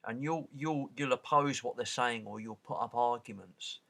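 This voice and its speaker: A man reads passages from a book and stops often to comment. His asides are casual and halting, with many restarts and doubled words. His tone turns mildly sarcastic. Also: medium pitch, gravelly, fairly bright tone. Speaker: reader and commentator.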